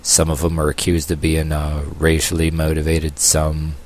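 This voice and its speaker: A man from the United States talking in a rambling opinion video, halting with many fillers and restarts and dropping sarcastic asides. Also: rumbling low, monotone. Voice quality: long-haired, calls himself a hippie. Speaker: vlogger.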